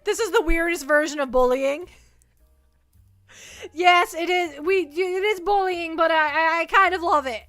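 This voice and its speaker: A woman streamer chatting casually on a livestream, excitable and giggly, often stammering and restarting. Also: extremely high pitch, measured pace, faint music behind. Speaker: VTuber streamer.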